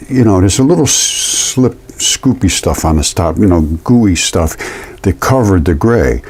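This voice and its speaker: Man, casual vlog monologue, indignant, repetitive, warm low-key tone. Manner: indignant, repetitive, animated storytelling. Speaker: amateur fossil presenter.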